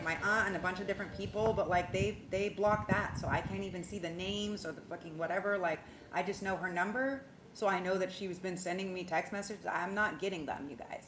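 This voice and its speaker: A woman hosting a spiritual livestream in casual chat, rambling and animated, swearing freely and laughing often. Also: on the low side. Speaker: spiritual livestream host, tarot reader. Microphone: phone. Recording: roomy echo, faint background hum.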